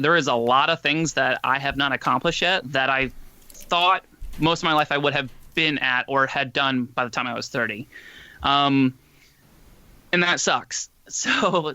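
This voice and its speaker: A man's voice: fairly high pitch, bright, forceful tone, no room sound. A man of about thirty, a departing podcast co-host, talking in a rambling, emotional way full of fillers. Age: 20s. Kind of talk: casual podcast chat.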